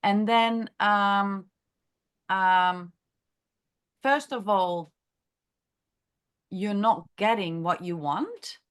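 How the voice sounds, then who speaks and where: Woman teaching a group, slow and halting, lots of ums and restarts, thinks out loud. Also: medium pitch, clean tone. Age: adult, has a grown daughter. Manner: halting, many fillers and restarts, thinks aloud. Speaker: chiropractor leading a masterclass discussion. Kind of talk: unscripted teaching talk.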